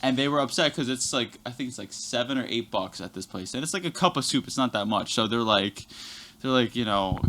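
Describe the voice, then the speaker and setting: A man's voice: mid-range voice, expressive, a little fast, bright, forceful tone, slight background noise. A young man telling a rambling workplace story on a podcast, swearing constantly and talking animatedly. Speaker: podcast guest. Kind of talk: casual podcast chat, storytelling.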